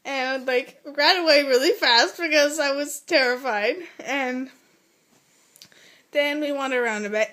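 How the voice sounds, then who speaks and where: A young American woman telling a funny travel story in a casual vlog, animated and giggly, full of "like". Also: sits high, unhurried. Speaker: vlogger.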